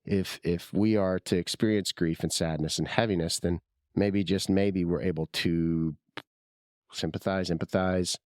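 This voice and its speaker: Male podcast host, very low voice with a sore throat, rambling and self-deprecating, dry close mic. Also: steady tone, measured pace, a little mellow, no room sound. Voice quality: husky from illness. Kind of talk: casual solo podcast monologue.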